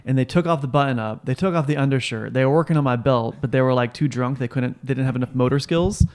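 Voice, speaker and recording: A young man co-hosting a casual chat, telling stories in an animated way and acting out other people's voices. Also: mid-range voice, fast, clean tone. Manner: animated storyteller, acts out voices. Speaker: podcast co-host.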